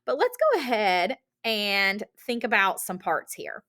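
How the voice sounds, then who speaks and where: Woman teacher doing a reading lesson for kids, bouncy pitch, keeps asking right?. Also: a little slow. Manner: animated, encouraging, asks many rhetorical questions. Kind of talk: recorded classroom lesson for children.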